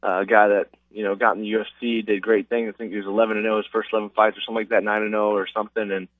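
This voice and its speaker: A man's voice: lowish voice, level tone, rapid-fire, dry recording. A man, an MMA fighter, telling stories casually over the phone with lots of fillers. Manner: casual, rambling with many fillers. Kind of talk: phone interview storytelling. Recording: distant tinny phone line.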